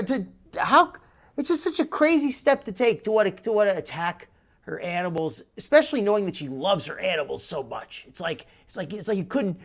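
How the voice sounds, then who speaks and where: A man hosting a live stream, commenting casually in a rambling way with many restarts. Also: high-pitched. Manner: rambling, restarts a lot, chuckles. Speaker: host.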